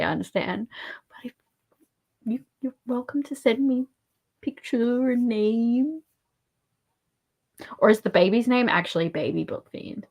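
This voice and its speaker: Australian woman, livestream host, chatty and soft-spoken, voice rises and falls a lot, slips into near-whispers. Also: fairly high pitch, expressive, normal speed, pauses often. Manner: soft-spoken, rambling, often dropping to a murmur. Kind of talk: casual livestream chat.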